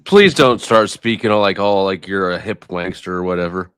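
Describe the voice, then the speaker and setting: A man's voice: low voice, moderate pace, few pauses, a bit bright, clear, resonant tone, dry recording, clean studio sound. A man streaming on a livestream panel, teasing others and calling out viewers by name. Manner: teasing, reads out viewer names. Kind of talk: casual panel chat. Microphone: streaming call mic.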